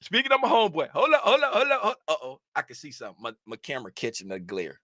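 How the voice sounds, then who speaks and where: A man hosting a casual trading livestream from his home desk, rambling and animated, getting loud when he is fired up. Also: a little high, quick pace, no room sound, studio quality.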